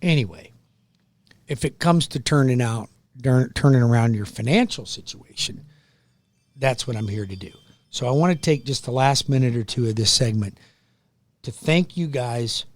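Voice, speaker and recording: A middle-aged man hosting a radio show, loud and pushy, joking at his own expense and going a bit hoarse from yelling. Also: mid-range voice, expressive, normal speed, no echo. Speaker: radio show host, mortgage lender. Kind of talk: energetic radio sales pitch. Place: radio studio.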